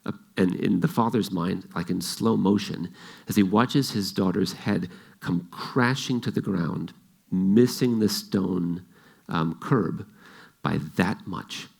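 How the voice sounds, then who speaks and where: Guy with a low gravelly voice explaining stuff, acts out little dialogues. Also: slow. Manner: animated storyteller acting out dialogue. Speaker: speaker. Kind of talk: explanatory talk with acted examples.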